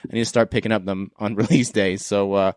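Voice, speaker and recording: A man from Canada hosts a casual podcast, his voice sitting low. He sounds relaxed and enthusiastic and breaks into laughs often. The recording is close and dry, with no room around it. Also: quick pace, no room sound. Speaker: podcast host.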